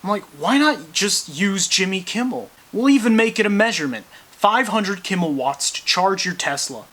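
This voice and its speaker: A man's voice: high voice, animated, moderate pace, sharp tone. A man delivering a scripted comedy monologue as a sarcastic, abrasive rant.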